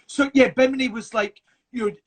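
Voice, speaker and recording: A man's voice: extremely high pitch, fairly even intonation, a little fast. A man in casual live chat, playful and teasing, who swears freely and calls his friend babes.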